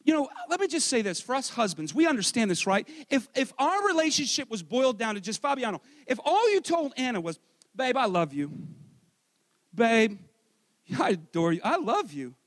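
A married man preaching a sermon with loud, energetic delivery, dropping into quiet self-mocking asides. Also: extremely high pitch, fairly quick, in a large hall. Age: adult, married. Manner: swings between shouting and quiet asides. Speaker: pastor.

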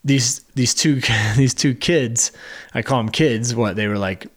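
A man's voice: mid-range voice, measured pace. A man co-hosting a podcast, telling a hiking story in casual chat and acting out what people said. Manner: animated storytelling, acts out quotes. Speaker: podcast co-host.

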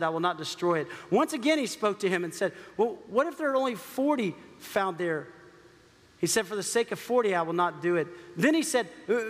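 A man's voice: sits high, a bit bright, long reverb tail. A man preaching a sermon in a conversational way, with frequent asides and laughs. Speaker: pastor.

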